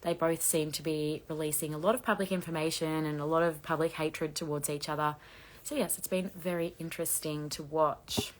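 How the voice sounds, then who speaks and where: Woman, croaky low voice, fast chatty gossip livestream host. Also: fairly even intonation. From Australia. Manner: fast-talking, chatty, laughs often. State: hoarse, losing her voice. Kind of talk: casual livestream chat reading comments. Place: bedroom at home with laundry drying.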